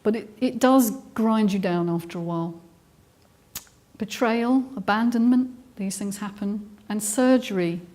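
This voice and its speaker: A woman's voice: medium pitch, a little slow, dark tone. Earnest English woman giving a live talk. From England. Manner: earnest and explanatory, with frequent ums and restarts. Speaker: speaker giving a talk on trauma. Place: hall with a live audience.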